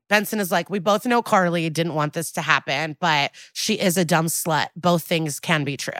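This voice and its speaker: Bright, blunt woman recapping a show. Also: lowish voice, moderate pace, few pauses, dry recording. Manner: sarcastic, blunt storytelling with profanity. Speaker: podcast co-host recapping a TV episode. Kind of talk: casual recap chat.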